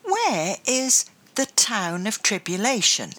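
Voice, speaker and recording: A woman's voice: medium pitch, very animated, takes it slowly, fairly bright tone, voice pushed up, heavily acted. A woman voicing a curious young girl who asks earnest questions.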